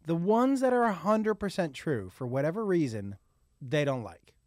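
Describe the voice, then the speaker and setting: A middle-aged man, a comedian, telling crude family stories in quick, animated casual chat. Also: on the high side, no room sound, studio quality. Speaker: comedian and podcast host.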